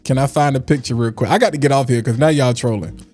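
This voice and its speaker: A man's voice: medium pitch, fast, a little mellow, faint music behind. A man hosting a casual livestream, talking in a preachy way and repeating lines for emphasis. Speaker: livestream host.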